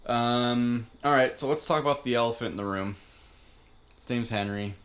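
A man co-hosting a casual chat, making dry, deadpan asides. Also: medium pitch, normal speed.

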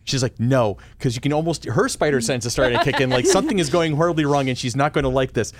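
Middle-aged male podcast host, lively raconteur, mimics voices. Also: medium pitch, quick pace, no echo. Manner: animated storyteller, acts out voices. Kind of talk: casual podcast chat.

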